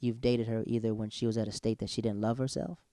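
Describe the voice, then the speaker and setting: Brief: lively male storyteller, smooth clear tone, close dry sound. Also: lowish voice, fast talker, no echo. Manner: animated storyteller, acts out quotes. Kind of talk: casual chat.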